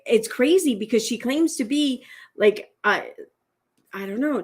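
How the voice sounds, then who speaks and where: A woman's voice: medium pitch, creaky, husky. A woman commentating casually on a clip, musing with sarcasm and many fillers.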